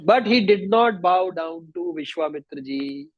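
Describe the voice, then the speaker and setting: A man's voice: high-pitched, measured pace, no room sound, lo-fi sound. A man telling a devotional scripture story over a video call, acting out the dialogue. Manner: animated, acts out dialogue.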